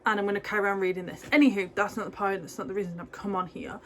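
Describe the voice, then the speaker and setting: A woman's voice: mid-range voice, fairly even intonation, very fast, a bit bright, a little hiss or hum. A young British woman chatting casually to camera as a book vlogger, gushing and rambling with asides. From Britain. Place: home, indoors.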